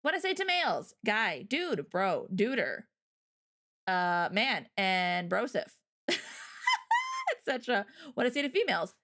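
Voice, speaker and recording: A woman's voice: on the high side, fairly bright tone. A woman hosting a livestream, chatting casually and rambling through stories and viewer comments, often breaking into laughter. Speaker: livestream host.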